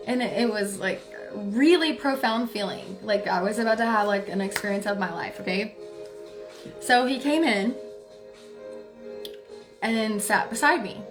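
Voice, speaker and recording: A woman telling viewers a personal story in a casual, chatty way, full of filler words and soft laughs. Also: medium pitch, unhurried, pauses often, over music. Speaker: spiritual reader.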